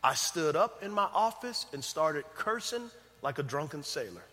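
A male pastor preaching a sermon, talking straight to the congregation and swinging between loud emphatic passages and hushed, tender ones. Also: fairly high pitch, sing-song, normal speed, big-room sound. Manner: addresses the congregation directly.

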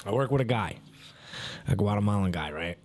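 A man co-hosting a podcast, telling profane, animated stories in casual chat and laughing as he goes. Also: fairly low pitch, a little fast. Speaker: podcast co-host.

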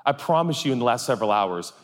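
Male pastor, animated comic storyteller, lively delivery, recorded in a reverberant hall. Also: mid-range voice, fast talker. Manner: animated, acts out voices for comic anecdotes. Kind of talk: sermon storytelling. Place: large hall with audience.

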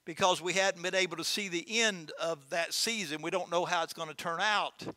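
A man's voice: sits high, moderate pace, bright, forceful tone, no room sound. A man preaching a sermon as lead pastor, speaking earnestly, repeating phrases and telling folksy stories.

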